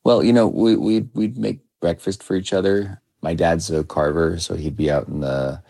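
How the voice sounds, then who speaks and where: A man in his thirties, a documentary filmmaker, giving measured, reflective interview answers with frequent restarts. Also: low voice, steady tone, gravelly, dark tone, no echo, clean studio sound. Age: 30s. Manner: measured, with many restarts and hedging fillers.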